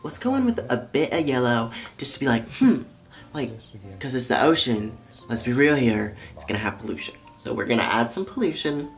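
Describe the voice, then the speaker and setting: A young man vlogging while high, excitable and rambling as he paints along and talks to the camera. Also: a little fast, creaky, soft background music. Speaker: YouTuber. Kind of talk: casual vlog commentary.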